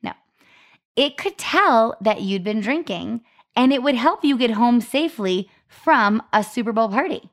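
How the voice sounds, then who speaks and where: A woman's voice: a little high, lively intonation, measured pace. A young woman co-hosting a chatty podcast, telling an upbeat story and reading out marketing details. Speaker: podcast co-host. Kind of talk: casual chat.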